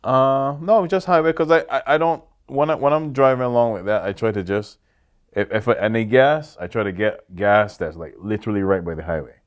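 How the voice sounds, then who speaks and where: A man co-hosting a podcast, recounting a road trip in casual chat, halting and repeating his words. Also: mid-range voice, clean tone. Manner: halting, repeats words, says yeah a lot. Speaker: podcast co-host.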